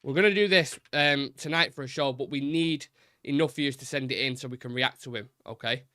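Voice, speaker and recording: A man's voice: mid-range voice, brisk, bright, forceful tone, no echo, studio quality. A man hosting a live football fan stream, chatting casually and rambling, swearing now and then.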